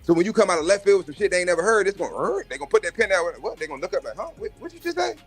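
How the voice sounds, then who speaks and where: A man's voice: sits high, very fast, soft background music. A man hosting a live stream, telling brash, profane stories about job interviews. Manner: brash, swaggering, profane, acts out other voices. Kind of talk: profane casual storytelling rant.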